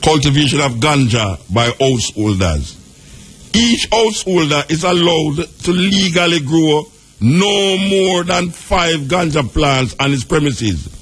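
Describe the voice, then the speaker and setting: Husky Jamaican man reading out a law. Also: a little high. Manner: reads text aloud, breaks into patois asides. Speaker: radio host.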